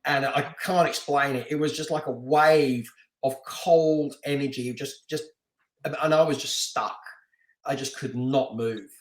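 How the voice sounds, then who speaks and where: A middle-aged man from London telling a story as a podcast guest, animated and laughing often, with lots of restarts. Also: mid-range voice, a little slow, reverberant. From London, England. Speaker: podcast guest, martial artist and stunt actor. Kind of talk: casual storytelling interview.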